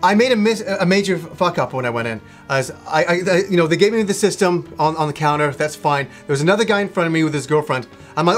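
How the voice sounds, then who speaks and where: A man in his thirties, co-hosting a casual chat, telling a story with animated, profane energy and frequent laughter. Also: a little high, quick pace, soft background music. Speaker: co-host.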